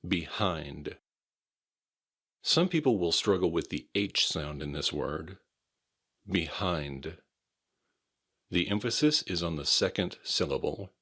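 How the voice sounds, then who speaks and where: Repeating words with care and spelling each one letter by letter, this American man runs slow, careful pronunciation drills. He sits low in pitch and sounds very animated, speaking at normal speed with few pauses in a pushed, bright tone that has a breathy edge.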